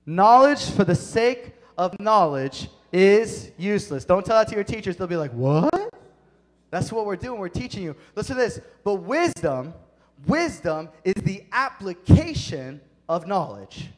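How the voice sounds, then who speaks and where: A man preaching a sermon to a youth group, energetic and emphatic, speaking straight to the kids. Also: high-pitched, moderate pace. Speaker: youth pastor. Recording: long hall reverb.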